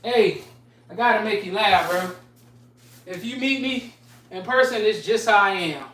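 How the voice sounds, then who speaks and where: A woman's voice: mid-range voice, a little slow, fairly bright tone, a little hiss or hum. A woman streaming a workout live, counting her push-up reps aloud, winded and sighing between sets, trading slangy trash talk. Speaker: fitness streamer. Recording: echoey room, far from the mic.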